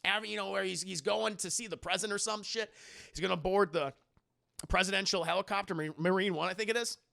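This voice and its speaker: A man's voice: high-pitched, fast, vocal fry, bright, forceful tone. A man streaming a casual film recap, rambling and swearing as he talks to his chat. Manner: profane, rambling, keeps addressing chat.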